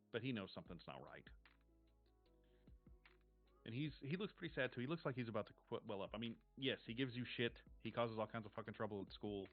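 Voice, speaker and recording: Muffled man narrating a tabletop game. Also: lowish voice. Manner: descriptive, measured, casual swearing. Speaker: game master. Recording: dull lo-fi stream audio with faint music.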